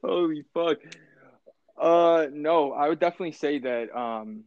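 A man's voice: a little high, a little slow, no room sound. A young man telling rambling, profane stories in a casual chat. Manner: rambling, profane, laughs mid-story. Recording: dull, dry.

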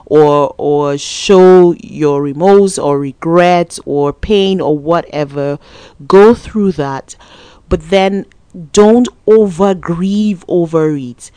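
A woman with a lowish voice delivers a motivational talk in a relaxed, conversational way. She repeats key phrases for emphasis. She gets lively and laughs easily when telling stories. The sound is dry and close, with no room echo. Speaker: motivational speaker.

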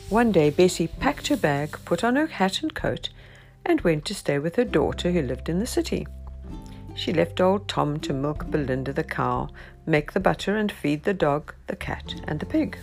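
Female storyteller reading a picture book aloud, gravelly low voice, sing-song delivery. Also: expressive, normal speed, a little mellow, soft background music.

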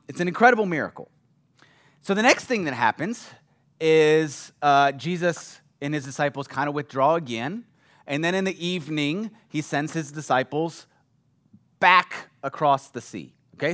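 A man's voice: on the high side, expressive, moderate pace, fairly bright tone. A man preaching a casual, conversational sermon who often checks in with his listeners and acts out the people in the story. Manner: chatty, often checks in with "right?", acts out quotes.

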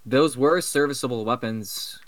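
A man's voice: mid-range voice, measured pace. A man co-hosting a casual movie commentary, playful, quoting lines and laughing often. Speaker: podcast co-host.

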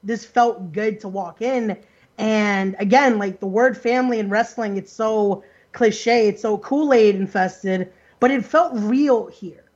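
A man's voice: sits high, measured pace. Co-host guy getting sentimental, kinda dull recording. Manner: reflective, heartfelt. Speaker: podcast co-host. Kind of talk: casual podcast chat.

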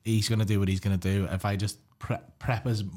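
A man chatting as a podcast guest, telling lively anecdotes and swearing casually. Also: fairly low pitch, fast talker. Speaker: comedian and fighter, guest. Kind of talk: casual chat.

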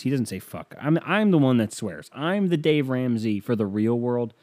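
A man's voice: medium pitch, very animated, moderate pace, a little mellow. A man hosting an audio podcast in a casual comedic monologue, swearing often and laughing at his own jokes. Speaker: podcast host.

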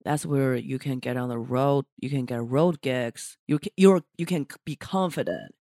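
A woman's voice: extremely low pitch, normal speed, dark tone, dry recording, clean studio sound. A woman comedian co-hosting a casual podcast chat, talking earnestly with frequent restarts. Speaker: stand-up comedian and co-host.

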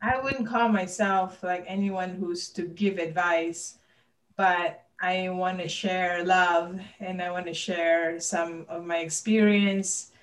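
A woman's voice: lowish voice, steady tone, takes it slowly, recorded from a distance, rough recording. A woman talking candidly and earnestly as a podcast guest, open about her personal struggles.

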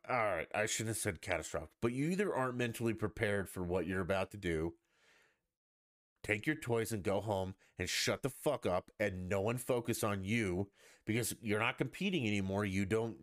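A man's voice: lowish voice, dry recording, clean studio sound. A man hosting a podcast, ranting in a blunt, profane and mocking way in a casual monologue. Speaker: podcast host.

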